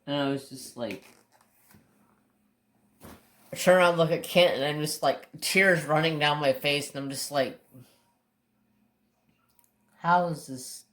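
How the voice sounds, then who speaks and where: Working at his craft table, a crafting-channel host tells casual, meandering stories in a slightly bright voice on the high side. He speaks at normal speed but pauses often, talks candidly with mild swearing, and frequently restarts sentences, all in a roomy, echoey recording.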